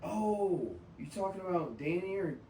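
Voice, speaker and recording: Lively man chiming in with laughs. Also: high-pitched, moderate pace, a little hiss or hum. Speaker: podcast co-host. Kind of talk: casual chat with friends. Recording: roomy sound from a distant mic.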